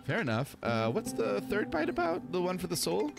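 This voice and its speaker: A man's voice: high voice, wildly swooping pitch, normal speed, vocal fry, voice pushed up, full character voice. A polite, curious young winemaker woman, read by a man in his own voice. The lines come out plainly, with faint music behind. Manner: reading dialogue plainly.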